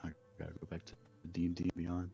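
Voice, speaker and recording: A man's voice: low-pitched, completely flat delivery, fast talker, creaky, mellow, faint music behind. A man playing a tabletop game, hesitant and thinking aloud as he decides what to do. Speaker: player. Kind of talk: casual tabletop game play. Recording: dull lo-fi sound.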